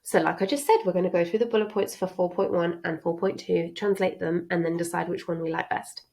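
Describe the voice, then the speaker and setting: A woman's voice: lowish voice, fairly even intonation, brisk, warm tone, poor audio. A woman French teacher giving a chatty, reassuring exam revision lesson.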